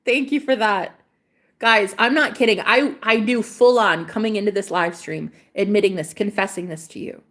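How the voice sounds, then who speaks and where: A woman's voice: mid-range voice, moderate pace. Blunt, swearing young woman livestreamer. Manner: blunt, swears freely, emotional. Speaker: livestream host. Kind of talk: casual livestream confession.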